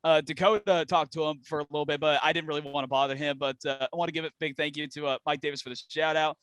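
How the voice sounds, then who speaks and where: Casting note: young male race fan, slightly high voice, dry close mic, excitable storyteller. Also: fast, clean tone, dry recording. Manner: excited storytelling, many fillers. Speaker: podcast guest, race fan. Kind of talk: casual podcast chat.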